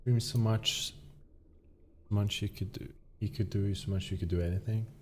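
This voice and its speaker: A man's voice: lowish voice, fairly even intonation, normal speed, a little hiss or hum. A young man from Sweden, rambling jokily through casual gameplay commentary and exclaiming in surprise. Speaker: gaming streamer.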